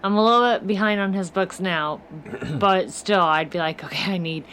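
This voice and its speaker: A woman's voice: medium pitch, moderate pace, fairly bright tone, a little hiss or hum. A woman co-hosting a podcast, chatting casually and easily amused. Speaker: podcast co-host. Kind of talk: casual chat.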